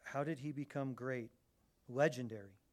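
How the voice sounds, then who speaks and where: A middle-aged man preaching a sermon, animated and conversational, often restarting his phrases. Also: medium pitch, moderate pace. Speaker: pastor.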